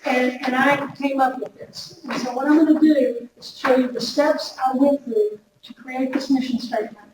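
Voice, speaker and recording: A woman giving a lively workshop talk to an audience, chatty and direct, often repeating her words. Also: sits high, moderate pace, hardly any pauses. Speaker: workshop speaker. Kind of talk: lively workplace wellness talk. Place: large room before an audience. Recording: echoey hall recorded from far off with noise.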